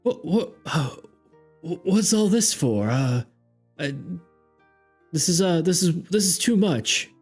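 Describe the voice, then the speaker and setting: A kindly old farmer , put on by a man, stammers through his folksy thanks in a voice pitched well above the man's own. His speech is full of halting ums and uhs. Faint music plays behind him. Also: animated, a little mellow, slightly rough, exaggerated voice. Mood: warm, grateful. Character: kindly, grateful older male farmer.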